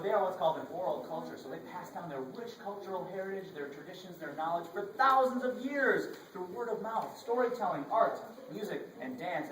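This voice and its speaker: A man's voice: on the high side, slight background noise. A man from Florida leading an educational show for children, coaxing them through call-and-response. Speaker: children's performer. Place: large library hall, indoors. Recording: echoey hall from far off.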